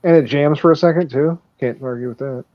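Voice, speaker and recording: A man's voice: a little high, a little fast, no echo, highs cut off. A man hosting a casual sports betting podcast, swearing and laughing as he runs through picks. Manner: profane, laughing, loose. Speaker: podcast host.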